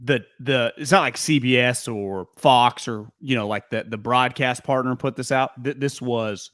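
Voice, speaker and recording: A man hosting a casual sports talk show, telling stories in an animated way with quick asides. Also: mid-range voice, dry recording, clean studio sound.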